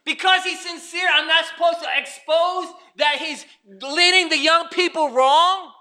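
A man's voice: extremely high pitch, fairly even intonation, unhurried, sharp tone. A man preaching a sermon as pastor, emphatic and repeating his points.

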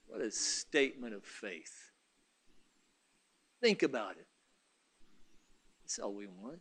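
A man preaching a sermon, dropping to hushed murmurs and then rising to excited shouts, repeating phrases for emphasis. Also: medium pitch, extremely slow, pauses often, slightly rough.

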